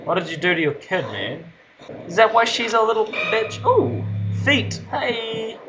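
A man's voice: high voice, big pitch swings, normal speed, background noise. A young man in casual commentary while playing a horror game late at night at home, laughing, swearing and yelping when startled. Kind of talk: casual let's-play commentary. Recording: dull lo-fi game recording with loud game music.

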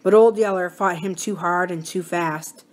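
A woman reading a novel aloud for a library series, expressive and slowing for the sad passages. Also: on the low side. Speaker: library story reader. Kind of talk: storybook read-aloud.

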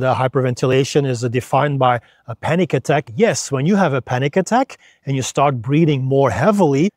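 A man's voice: medium pitch, a little mellow, dry recording, clean studio sound. A man, a freediving instructor, patiently explaining breathing step by step in a video lesson.

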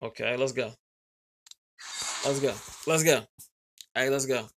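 A man's voice: mid-range voice, slow, fairly bright tone, slight background noise. A man hosting a gaming channel, giving boastful, hyped let's-play commentary, swearing and calling out to his viewers.

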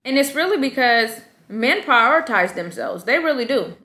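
A woman in her thirties giving self-care advice to moms in a lively, conversational vlog. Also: a little high, moderate pace. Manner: lively and conversational, acts out quoted voices. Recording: echoey room.

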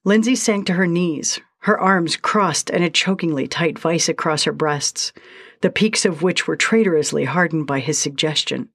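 A woman narrating a short story in a steady, measured reading style. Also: low-pitched, husky.

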